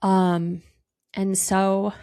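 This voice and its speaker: A woman's voice: medium pitch, little pitch movement, very slow, warm tone, clear, resonant tone. A woman podcast host in her thirties telling a personal story to her listeners, emotional and tearful, her voice breaking, peppered with casual fillers.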